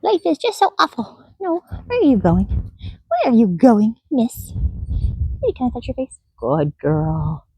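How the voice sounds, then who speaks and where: A woman's voice: high voice, huge pitch swings, measured pace, mellow, husky, no room sound. A woman training a donkey outdoors, talking to it in a soothing, coaxing way that often drops to a whisper, with asides to the viewer. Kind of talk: coaching an animal with asides to camera.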